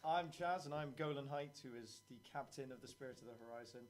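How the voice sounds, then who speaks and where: A man's voice: medium pitch, quick pace, heavy background noise. A man playing in a live tabletop game, joking in character and laughing often. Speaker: player. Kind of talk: playful in-character banter.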